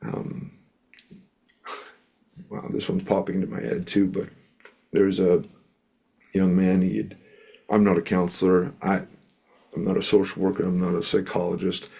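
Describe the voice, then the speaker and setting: His deep, gravelly voice is dark and husky, delivered completely flat at a normal speed with long pauses. A middle-aged musician and speaker from Canada, he tells stories as an interview guest in an earnest, rambling manner full of fillers.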